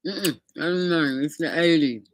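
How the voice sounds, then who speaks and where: A woman's voice: low voice, moderate pace, no room sound. A middle-aged woman vlogger telling a casual story, chatty and speaking straight to her viewers, sometimes eating as she talks.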